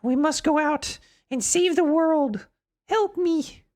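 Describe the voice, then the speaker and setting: A man voicing a panicked kidnapped young woman, in a shrill, melodramatic falsetto as he reads a game's text. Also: takes it slowly, darkish tone. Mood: pleading.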